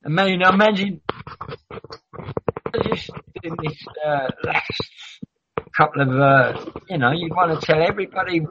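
A man's voice: fairly high pitch, a little slow, pauses often, background noise. A man talking in a rambling, sweary, argumentative way in a heated casual chat. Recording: dull lo-fi audio.

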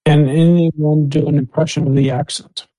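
A man's voice: on the high side, level tone, normal speed, dark tone, dry recording, poor audio. A man joining a group call with short joking interjections. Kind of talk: casual group call chat.

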